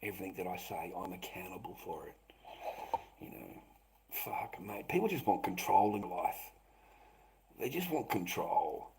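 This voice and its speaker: A man's voice: deep voice, expressive, moderate pace, pauses often, darkish tone, poor audio. A middle-aged man rambling through a livestream monologue, swearing often and restarting his sentences. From Australia. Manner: swearing, repetitive, stammering restarts.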